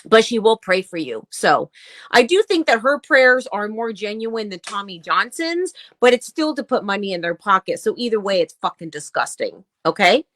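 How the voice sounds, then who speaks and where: A woman's voice: medium pitch, animated, moderate pace, a bit bright, no echo. A woman co-hosting a casual chat show, blunt and profane, tearing into what she reads aloud. Her voice sits mid-range and sounds close and dry, with no room around it. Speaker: podcast co-host.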